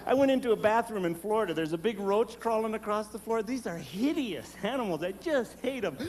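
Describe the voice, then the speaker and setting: Middle-aged comedian with a high-pitched voice, live on stage. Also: male voice, a little fast. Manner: animated storyteller who shrieks in panic and growls in character voices. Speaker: stand-up comedian. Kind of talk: stand-up comedy set. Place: large theater with a live audience. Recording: live stage recording with long reverb and audience noise.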